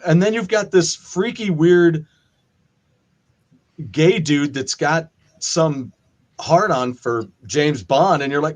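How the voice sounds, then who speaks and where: Man, fairly high voice, lively storytelling, casual chat, acts out quotes. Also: takes it slowly, long pauses. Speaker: podcast co-host.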